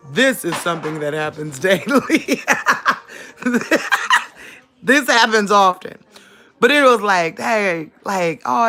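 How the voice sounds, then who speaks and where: Gravelly, animated woman talking live. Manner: animated, laughing, rising to high pitched outbursts. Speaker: livestream host. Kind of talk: casual live-stream talk.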